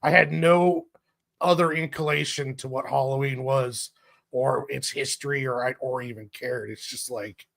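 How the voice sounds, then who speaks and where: A man with a gravelly voice chats casually on a podcast. He talks in a laid-back, easygoing way and laughs along with the others. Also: medium pitch, fairly even intonation, normal speed, a bit bright. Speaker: podcast co-host. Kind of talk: casual chat.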